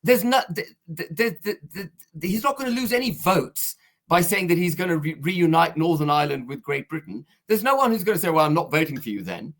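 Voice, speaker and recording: A man's voice: sits high, expressive, a little fast, a bit bright. A man arguing his case in a heated political discussion, emphatic and insistent, pressing on over interruptions. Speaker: political guest.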